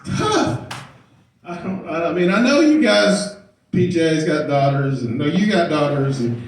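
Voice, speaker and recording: A middle-aged man doing stand-up, telling a story about his daughter and acting out loud quotes, often laughing as he talks. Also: a little high, moderate pace. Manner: animated, loud acted-out quotes, laughing through lines. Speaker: stand-up comedian. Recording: echoey room, far from the mic, loud noise.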